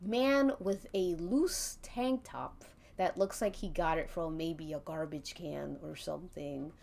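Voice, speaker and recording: A woman's voice: deep voice, slow, vocal fry, darkish tone. A woman streamer telling an interactive story to her chat, giggling often and breaking off to laugh and restart.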